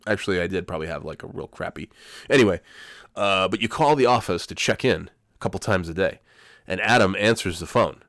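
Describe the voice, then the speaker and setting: Guy in his 40s with a cold, deep voice, rambling and swearing through a story, dry close sound. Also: animated, fairly quick, fairly bright tone, dry recording. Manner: rambling, profane, self-correcting. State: has a cold. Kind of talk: casual storytelling monologue.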